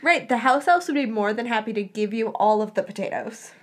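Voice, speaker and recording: Expressive woman reading fan fiction aloud. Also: on the high side, brisk. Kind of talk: reading aloud with casual commentary.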